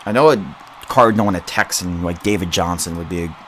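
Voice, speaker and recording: A man's voice: low voice, fairly quick, a bit bright, a little hiss or hum. Giggly young man chatting on stream. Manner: giggly, rambling, self-mocking, repeats words. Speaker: livestream host. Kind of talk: casual livestream chat. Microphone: boom arm mic.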